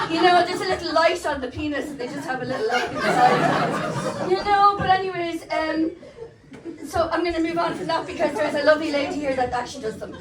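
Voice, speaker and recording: A woman's voice: very high-pitched, moderate pace, heavy background noise. An Irish woman performing a crude, self-mocking stand-up comedy set in a live comedy club, chatting with the crowd. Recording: roomy, distant live club sound. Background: loud crowd laughter.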